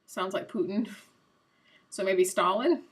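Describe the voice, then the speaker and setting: This young adult streamer guesses her way through a quiz game live, chatting casually and teasing herself a bit. Her mid-range voice is slightly rough and a little slow.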